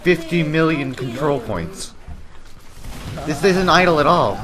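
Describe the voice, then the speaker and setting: A man's voice: fairly high pitch, animated, a little slow, crowd noise. A man giving jokey, sarcastic commentary over game footage as the host of a gaming channel. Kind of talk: gameplay commentary.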